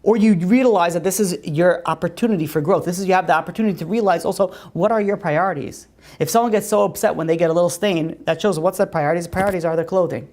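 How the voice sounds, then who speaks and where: A woman teaching a religious class and telling stories in a conversational way. Her pitch rises on emphatic questions. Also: a little mellow.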